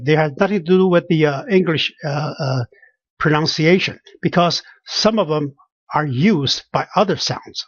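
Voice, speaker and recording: A teacher giving a pronunciation lesson, halting and full of fillers, repeating each sound and example word. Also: mid-range voice, husky, no echo, highs cut off. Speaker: language teacher.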